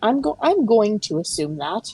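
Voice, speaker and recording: A woman with a husky, creaky voice, chatting as a player in a tabletop game. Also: mid-range voice, big pitch swings, normal speed, dark tone, faint music behind, rough recording. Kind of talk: casual tabletop chat.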